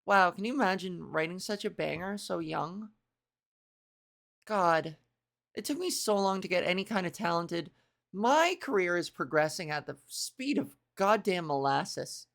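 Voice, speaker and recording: A woman's voice: lowish voice, expressive, unhurried, vocal fry. A woman in a casual reaction commentary, chatty and self-mocking, swearing now and then while she reads aloud and reacts. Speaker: video creator.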